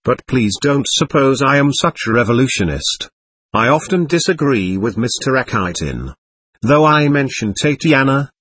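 A man reading an audiobook, voicing a proud, argumentative teenage boy who lectures earnestly and takes offence quickly. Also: mid-range voice, fairly bright tone, slightly rough, dry recording.

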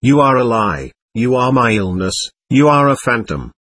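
Male narrator doing a tormented young man, husky, biting, pitch that swings widely. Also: sing-song, moderate pace, fairly bright tone, dry recording. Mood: scornful. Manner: agitated, contemptuous. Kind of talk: audiobook reading.

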